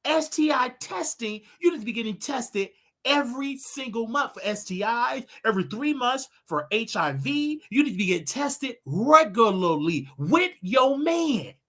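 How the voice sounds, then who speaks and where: A man hosting his own show, ranting and preaching to his audience in a casual, animated way with loud outbursts. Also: extremely high pitch. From United States. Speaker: show host. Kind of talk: casual livestream rant.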